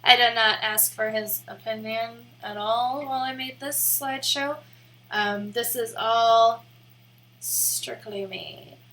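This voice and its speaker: Young woman, live streamer, rambling casual chat, giggly, bright tone, somewhat high pitch. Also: fairly even intonation, slow pace. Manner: rambling and giggly, heavy use of "like".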